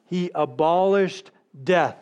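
A middle-aged man preaching a sermon as a pastor, teaching verse by verse and slowing down to stress key words. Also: sits high, darkish tone, clear, resonant tone, highs cut off.

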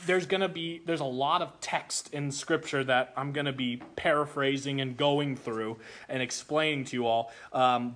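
A man preaching a sermon, telling a childhood story with animated delivery before explaining a Bible passage. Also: medium pitch. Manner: animated storytelling, acts out voices.

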